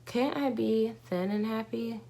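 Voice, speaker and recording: A woman's voice: fairly high pitch, measured pace, gravelly, warm tone. A young woman talking casually to camera in a candid, rambling vlog, with many fillers and restarts. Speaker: vlogger.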